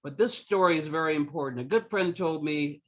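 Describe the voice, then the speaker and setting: A man's voice: fairly high pitch, brisk. A man giving jovial, earnest remarks at a club meeting. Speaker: club member.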